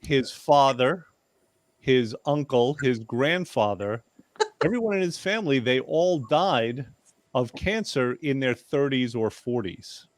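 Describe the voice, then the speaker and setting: A man hosting a casual chat, telling stories with slow, drawn-out emphasis. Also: medium pitch, lively intonation, no echo.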